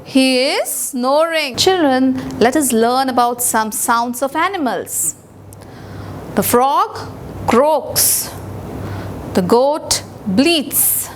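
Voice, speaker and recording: Slow, high-voiced Indian woman teaching. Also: animated, slight background noise. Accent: Indian English. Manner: slow, deliberate, spelling words out letter by letter. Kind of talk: recorded English lesson for young children.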